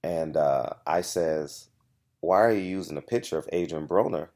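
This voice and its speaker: A man's voice: extremely low pitch, moderate pace, mellow. A man hosting his own channel, telling a story straight to the camera in an emphatic, confrontational way, repeating his points and addressing his viewers directly. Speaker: boxing journalist and channel host.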